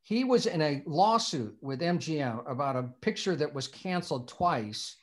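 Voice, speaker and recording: This is an older screenwriter from Indiana, USA, recounting a long anecdote as an interview guest; he meanders and repeats words as he restarts. His voice is on the high side, with lively intonation and a moderate pace.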